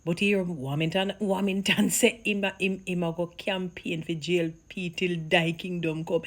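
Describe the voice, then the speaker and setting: A woman from Jamaica with a Jamaican accent, chatting casually to her viewers, animated and laughing, slipping into Patois. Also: on the low side, normal speed, few pauses. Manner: animated, mixes Patois into chat, laughs often. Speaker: vlogger.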